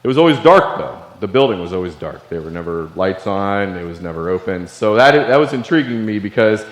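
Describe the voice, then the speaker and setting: Man, low voice, earnest confessional storytelling, long hall reverb. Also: lively intonation, brisk. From Illinois. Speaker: keynote speaker, Navy veteran. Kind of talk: personal story speech. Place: large hall.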